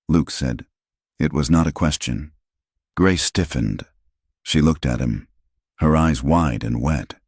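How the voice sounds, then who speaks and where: Deep voiced guy reading a western story, measured, dry close sound. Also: a little mellow, slightly rough, dry recording. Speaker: narrator. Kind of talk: scripted audiobook narration.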